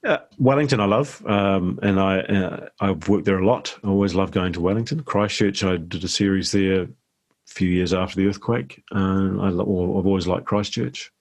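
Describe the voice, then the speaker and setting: Deep-voiced New Zealand man, easygoing. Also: normal speed. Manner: easygoing, rambling anecdotes. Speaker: actor guest. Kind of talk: relaxed interview chat.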